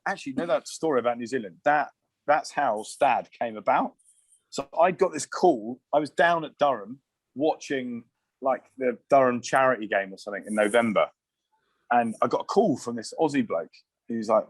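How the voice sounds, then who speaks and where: A man in his thirties telling loose, animated rugby stories in casual podcast chat. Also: mid-range voice, a little fast, husky, no room sound. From England. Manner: animated, swearing anecdotes with asides and restarts. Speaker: guest, former rugby player.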